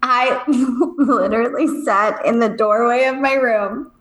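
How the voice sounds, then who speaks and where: Woman co-host, thirties, slightly high voice, blunt and self-mocking, echoey room sound. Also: fairly even intonation, slow pace. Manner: frank and self-mocking, laughs often. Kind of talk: casual live-stream chat. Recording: roomy echo.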